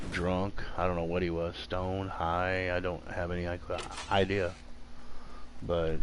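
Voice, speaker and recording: Playing a game at home, a streamer with a low voice talks casually, rambling, filling gaps with fillers and restarting sentences. Background noise is audible.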